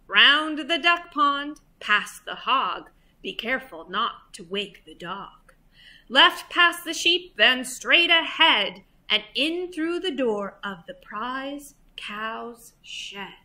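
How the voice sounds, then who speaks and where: A sneaky thief from a children's storybook plotting in a hushed, conspiratorial tone, as a woman reads him aloud. The voice stays high and bright, and it is slow and careful. He sounds secretive. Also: lively intonation, heavily acted. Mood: scheming.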